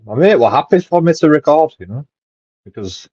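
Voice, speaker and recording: A man's voice: fairly high pitch, animated, fairly quick, darkish tone, husky, no echo. A man ranting casually, swearing heavily and rambling with many restarts. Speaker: vlogger. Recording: dull lo-fi dry sound.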